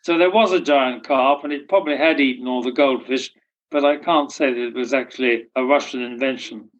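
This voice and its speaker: An older man tells stories in an interview, and his delivery has a dry, wry humor. His voice sits at a middling pitch. The recording is dull and lo-fi. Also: fairly quick. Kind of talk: storytelling anecdotes.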